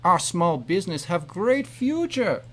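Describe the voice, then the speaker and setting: Guy doing an excited shop-owner dad, broken english, high and lively. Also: unhurried, exaggerated voice. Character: eager middle-aged immigrant shopkeeper father.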